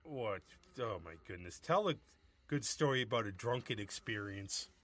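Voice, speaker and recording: A man co-hosting a casual podcast, chatty and quick with a comeback. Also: lowish voice, lively intonation, fairly bright tone. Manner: chatty, tells joke stories in acted quotes. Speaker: podcast co-host. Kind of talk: casual chat.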